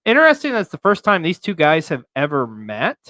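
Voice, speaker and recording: A man's voice: fairly high pitch, huge pitch swings, fairly quick, bright, forceful tone, no room sound. A man hosting a wrestling recap show, delivering in a theatrical, announcer-like way. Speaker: host.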